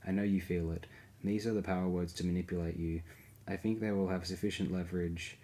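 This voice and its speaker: A man's voice: deep voice, fairly even intonation, quick pace, warm tone, natural voice. A man reading the part of a spiteful, scheming male dwarf in an audiobook, lecturing in a wheedling tone. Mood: menacing.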